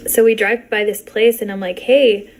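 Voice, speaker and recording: A woman's voice: medium pitch, little pitch movement, fairly quick, a little hiss or hum. A young woman whose first language is Spanish, animatedly telling a dating story to camera and laughing as she goes.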